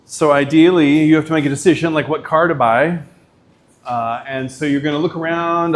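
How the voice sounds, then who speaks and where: A man's voice: on the high side, fairly even intonation, moderate pace. A middle-aged man, a professor, giving a lecture in a casual, chatty way, full of likes and you-knows.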